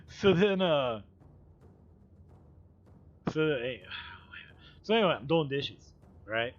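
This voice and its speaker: A man with a slightly high voice talks slowly and pauses often, and the audio sounds dull. Hosting a livestream, he tells stories in a rambling, profane, casual chat, tossing in laughing asides.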